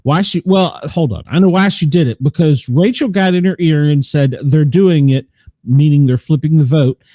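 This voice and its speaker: A man's voice: fairly high pitch, normal speed, warm tone, no echo. A man co-hosting a casual reality-show recap, gossipy and retelling scenes with quoted lines. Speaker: podcast co-host.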